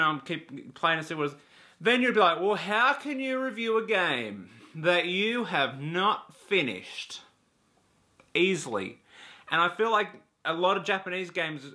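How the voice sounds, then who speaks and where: A man's voice: fairly high pitch, pushed and bright. A man ranting casually to camera about video games, blunt and exasperated, swearing freely. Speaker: YouTube games vlogger.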